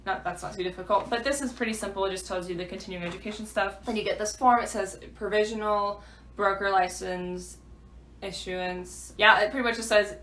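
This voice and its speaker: A woman's voice: mid-range voice, fairly even intonation, a little fast, fairly bright tone, slight background noise. Chatty woman vlogging in an echoey room. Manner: chatty, rambling, many fillers. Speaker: new realtor. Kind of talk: casual vlog update.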